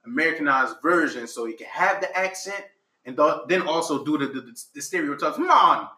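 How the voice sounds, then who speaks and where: A man co-hosting a podcast, chatting casually, animated and profane, often restarting his sentences. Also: a little high, fairly quick, reverberant, rough recording. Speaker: podcast co-host. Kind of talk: casual chat.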